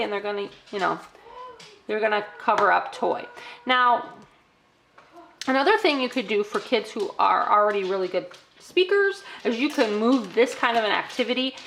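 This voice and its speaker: A woman's voice: medium pitch, expressive, moderate pace, vocal fry, fairly bright tone, slight background noise. A middle-aged woman teaching parents a toddler activity, often breaking into exaggerated sing-song child-directed talk. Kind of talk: instructional demo for parents.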